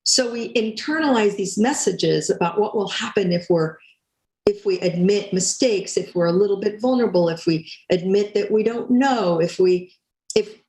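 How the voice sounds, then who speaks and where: An older woman speaking as a guest, telling a story in a lively way and acting out quoted lines. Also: mid-range voice, reverberant, rough recording. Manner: animated, acts out quotes. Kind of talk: storytelling talk.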